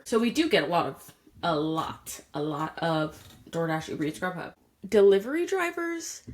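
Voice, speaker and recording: Young woman ranting on a podcast. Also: medium pitch. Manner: animated ranting, acts out quoted exchanges. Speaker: podcast host. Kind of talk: casual solo chat.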